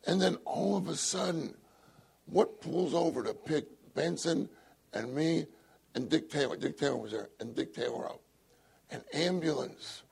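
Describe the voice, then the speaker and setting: An older man speaks to a congregation with a husky, gravelly voice that sits a touch high. He tells an anecdote with animated energy and frequent laughter. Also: unhurried. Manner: animated storytelling, laughing often. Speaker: church speaker. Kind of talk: anecdotal sermon story.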